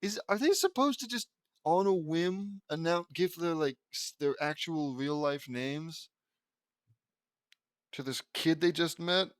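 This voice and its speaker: A man's voice: on the high side, a little slow, no room sound, clean studio sound. A man reading fan fiction aloud with stumbling, rambling asides and restarts. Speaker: audiobook reader.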